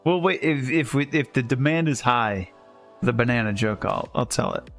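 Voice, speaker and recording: A man's voice: medium pitch, animated, moderate pace, soft background music. A man livestreaming a game, telling dad jokes in a rambling, self-amused way. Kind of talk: casual chat while gaming.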